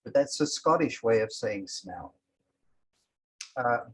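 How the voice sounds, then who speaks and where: A man teaching a language lesson, explaining words slowly and calling out each one with emphasis. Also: medium pitch, animated, low-quality recording. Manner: slow and explanatory, sounding out each word with emphasis.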